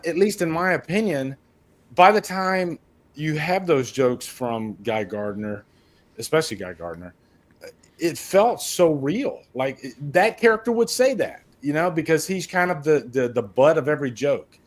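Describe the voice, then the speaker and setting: A man's voice: on the high side, lively intonation, unhurried. A man from Mississippi chatting about a movie in a casual panel, rambling and repeating words earnestly.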